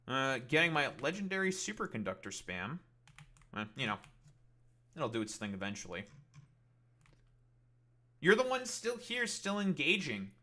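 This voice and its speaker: A man's voice: on the high side, sing-song, normal speed, pauses often, pushed and bright. A male streamer ranting live at his chat, heated and profane, with sarcastic and mocking jabs.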